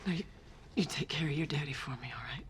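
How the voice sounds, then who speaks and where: An actress playing a young mother dying in childbirth, tearful and breathy, often sinking to a whisper. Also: low-pitched, fast, noisy background, close to an everyday voice. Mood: pleading. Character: dying young mother in labour, tender, resolved. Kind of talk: TV drama acting.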